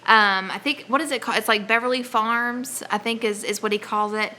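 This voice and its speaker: Chatty, bright-voiced woman host. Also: on the high side, fairly quick, a little hiss or hum. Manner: chatty and excitable, rambling with many fillers. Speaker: homesteading channel host. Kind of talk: casual live-stream chat.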